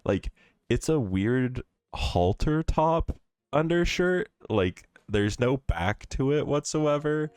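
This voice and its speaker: A man's voice: medium pitch, lively intonation, takes it slowly, a little mellow, clear, resonant tone, dry recording. A man co-hosting a casual podcast, retelling an anime episode with laughs and quoted lines. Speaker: podcast co-host. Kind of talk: casual anime recap chat.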